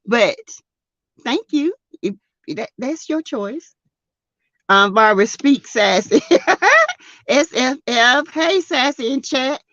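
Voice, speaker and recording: A woman with a Southern US accent hosting a casual live stream, greeting chatters by name and laughing loudly and often. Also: high-pitched, very animated, takes it slowly, long pauses, dry recording, highs cut off. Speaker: YouTube live-stream host. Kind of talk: casual live-stream chat reading comments.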